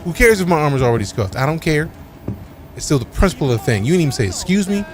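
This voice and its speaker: A man's voice: a little high, big pitch swings, quick pace. A man live-streaming a game, chatting casually with his viewers and joking around with playful, mock-offended trash talk full of slang.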